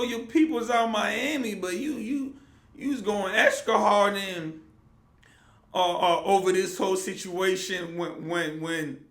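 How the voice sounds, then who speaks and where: A man with a fairly high voice gives casual reaction commentary, laid-back and full of slang. The sound is echoey, with the room ringing around him. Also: fairly bright tone. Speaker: commentary vlogger.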